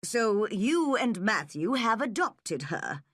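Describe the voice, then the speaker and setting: A woman's voice: medium pitch, big pitch swings, slow, fairly bright tone, no room sound, clean studio sound, pitched above the performer's own voice, full character voice. A woman voicing a nosy, blunt older village woman who tuts and disapproves in a storybook reading. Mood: disapproving. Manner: tutting and disapproving.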